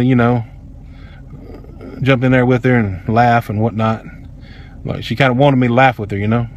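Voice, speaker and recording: A man's voice: medium pitch, a little hiss or hum. A man, angrily telling a personal story in a heated, profane, emphatic way. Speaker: vlogger.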